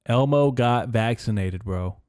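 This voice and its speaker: A young man with a medium-pitched, darkish voice speaks at a measured pace, with no echo. Hosting his own podcast, he delivers a casual solo rant into a close studio microphone, rambling, sarcastic, and profane.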